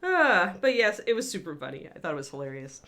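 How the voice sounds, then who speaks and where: A woman's voice: lowish voice, very animated, fast talker, pushed and bright. A woman hosting a livestream about painting miniatures, chatting casually in a giggly, rambling way with frequent restarts.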